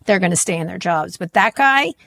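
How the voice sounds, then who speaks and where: Woman co-host, lower pitch, blunt and emphatic, swears a lot, casual podcast chat. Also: expressive, fairly quick, gravelly, fairly bright tone.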